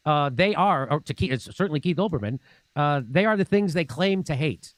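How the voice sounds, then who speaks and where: A man's voice: a little high, expressive, brisk, no echo. A man hosting a political commentary show, talking in a sarcastic, combative way. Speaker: show host.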